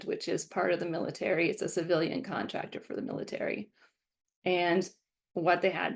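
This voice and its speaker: A woman in her twenties from the American Midwest gives a guest lecture, telling stories from her working life and animatedly quoting her past self. Her voice is lowish and creaky.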